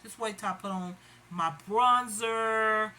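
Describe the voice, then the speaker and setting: A beauty vlogger chats casually with viewers, calling them y'all, while doing her makeup in a relaxed tutorial. Her medium-pitched voice moves slowly and sounds pushed and bright, and the audio quality is poor.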